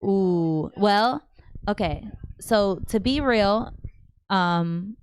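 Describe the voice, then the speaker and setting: Brief: woman host, smooth clear voice, dry close sound, animated and slangy. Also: medium pitch, drawn-out words, no echo. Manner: chatty, animated, slangy, trails off and restarts. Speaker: livestream host answering viewer questions. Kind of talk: casual live chat. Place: home.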